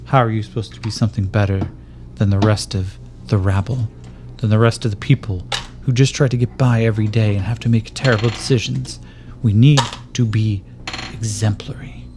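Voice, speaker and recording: A man's voice: on the low side, gravelly. A man voicing a stern, grieving older knight lord who speaks in a solemn, reproachful way to a younger knight in a tabletop game. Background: faint background music.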